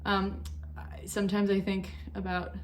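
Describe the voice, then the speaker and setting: In a mid-range monotone at a measured pace, a young woman rambles casually about knitting in her home vlog, easily sidetracked. A little hiss or hum sits under the audio.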